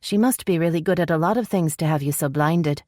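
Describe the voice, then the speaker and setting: A woman's voice: low-pitched, a little fast, warm tone, dry recording, close to an everyday voice. A woman narrator puts on an outspoken young elf princess, insistent and pleading. Her voice lifts above the narration, dry and close in an audiobook read.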